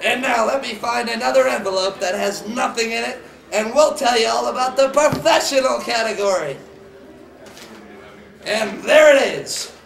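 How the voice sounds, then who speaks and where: A hammy, excitable man with a very high, gravelly voice announces awards in a goofy comic style. He shouts and whoops between jokey asides. He sounds a little off-mic in an echoey room. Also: normal speed, distant mic, a little hiss or hum. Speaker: mascot show host.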